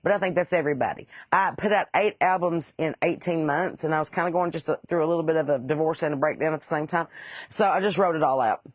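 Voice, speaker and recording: Speaking quickly in a low-pitched voice, this woman is heard on a dry recording. She keeps things casual with her livestream viewers, going through their comments and rambling through salty tales.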